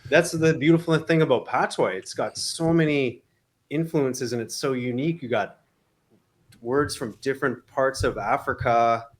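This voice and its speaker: A man's voice: mid-range voice, normal speed. A man, a YouTube creator, chatting as a guest in a casual podcast interview, easygoing and fond of telling stories. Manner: easygoing, storytelling, laughs along.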